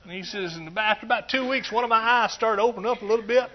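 A middle-aged man, preaching a sermon as a pastor in a folksy, joking manner with bursts of animated praise. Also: high-pitched, fast, crowd noise. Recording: dull lo-fi sound.

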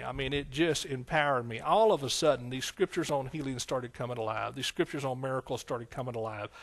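Middle-aged male pastor, fairly high voice, emotional testimony sermon, hushed then loud. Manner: emotional, tearful at times, swings between hushed and loud exclamations.

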